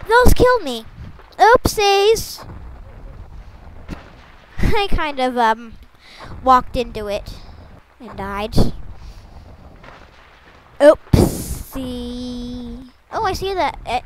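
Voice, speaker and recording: A woman's voice: high-pitched, a bit bright, a little hiss or hum, low-quality recording. A woman giving playful, rambling gameplay commentary, making silly sound effects and joking to her viewers as she plays. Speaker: gaming channel host.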